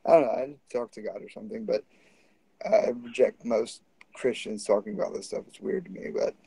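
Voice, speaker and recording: A man's voice: medium pitch, steady tone, fairly quick, vocal fry, mellow, slightly rough, dry recording, rough recording. A man telling a story in a casual, rambling and profane way.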